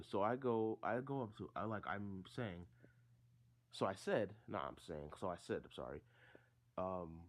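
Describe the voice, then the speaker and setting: A man's voice: on the low side, unhurried. A teenage boy telling a story from school in a casual, rambling way, full of fillers and restarts. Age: teens.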